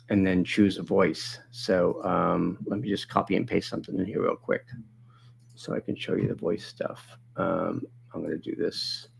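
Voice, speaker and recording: A man with a gravelly, fairly low voice hosts a live online session. He talks casually and thinks aloud as he clicks through a software demo. He stops now and then to take viewer questions. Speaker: webinar host demonstrating video software.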